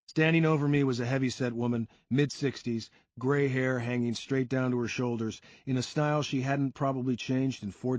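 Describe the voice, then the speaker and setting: A man reading a first-person crime story aloud in a steady storytelling delivery. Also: mid-range voice, no room sound. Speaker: audiobook narrator. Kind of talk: first-person scripted narration.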